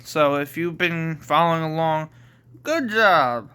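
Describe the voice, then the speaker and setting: Slow, bright-voiced male storyteller. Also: on the high side, clean tone. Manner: slow and plain, with self-corrections. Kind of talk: reading a homemade story aloud.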